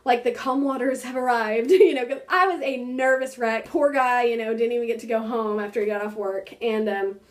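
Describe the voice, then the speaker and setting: A young woman telling a personal story to her camera in casual vlog style, animated, laughing often and filling her speech with "like" and "you know.". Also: on the high side, brisk, hardly any pauses. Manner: many fillers like "like" and "you know". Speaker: vlogger.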